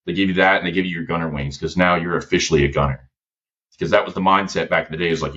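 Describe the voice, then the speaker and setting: Brief: very low male guest voice, slangy storyteller, dull lo-fi sound. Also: fast. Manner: slangy, lively, quoting others in his stories. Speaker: podcast guest, former gunship gunner. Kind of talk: casual storytelling interview.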